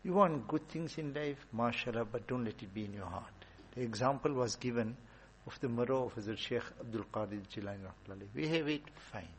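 Guy teaching a religious class, kinda husky, chatty storyteller. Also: medium pitch, brisk, poor audio. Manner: storytelling, conversational, repeats points for emphasis. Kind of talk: informal Islamic talk.

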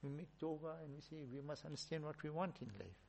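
A man, a religious teacher, giving a storytelling sermon with emphatic rises and soft asides. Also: fairly high pitch, fairly even intonation, fast talker, creaky, a little hiss or hum.

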